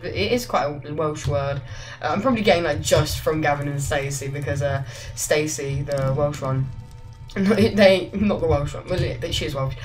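Give me a jokey woman chatting through a game, a little low in pitch, with faint music behind her. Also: moderate pace, rough recording. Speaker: gaming YouTuber. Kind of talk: casual let's-play commentary. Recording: quiet music under the voice.

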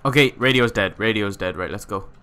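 A man giving let's-play commentary, excitable and swearing often as he reads on-screen text aloud. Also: lowish voice, a little fast, clear, resonant tone. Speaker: gamer playing a survival game.

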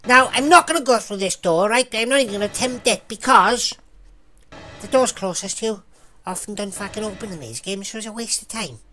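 A woman's voice: medium pitch, expressive, brisk, a bit bright, a little hiss or hum. A woman giving sweary, jumpy commentary over a horror game, laughing at the scares. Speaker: let's play gamer.

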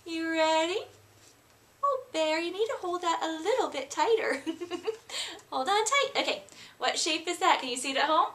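Bright, lively preschool teacher woman. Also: very high voice. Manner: slow, coaxing sing-song talk to small children. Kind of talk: preschool circle-time lesson.

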